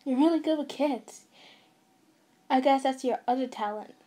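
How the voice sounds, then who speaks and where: A woman voicing a polite, gentle young man in a fan-fiction audio story. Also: high-pitched, normal speed, natural voice. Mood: teasing. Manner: gentle and courteous. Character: polite, soft-spoken young man, a boyfriend figure.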